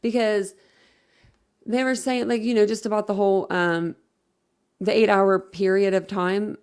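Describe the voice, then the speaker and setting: A woman's voice: mid-range voice, fairly even intonation, measured pace, darkish tone, clean tone. A woman hosting a casual livestream, rambling and chatting while reading viewer comments aloud. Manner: rambling, chatty, many fillers and self-corrections. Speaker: livestream host.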